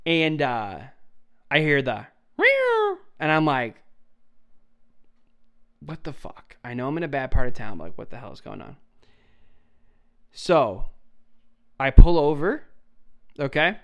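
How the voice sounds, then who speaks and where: A man's voice: medium pitch, animated, measured pace, long pauses. A young man co-hosting a podcast, telling a long story in casual chat, rambling, swearing and laughing as he goes. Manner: rambling, profane, laughs through his story. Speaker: podcast co-host.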